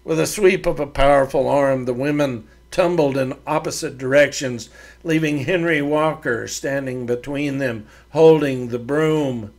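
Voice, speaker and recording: Host narrating a western serial, slow, gravelly delivery. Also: male voice, medium pitch. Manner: slow, measured storytelling. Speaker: podcast host and author reading his serial. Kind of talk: storybook narration.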